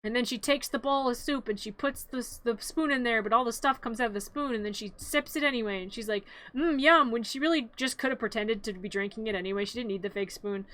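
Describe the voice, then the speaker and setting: A woman's voice: fairly high pitch, quick pace, few pauses, fairly bright tone, no room sound. A woman streamer narrating a cartoon in a playful, rambling, giggly way, often correcting herself.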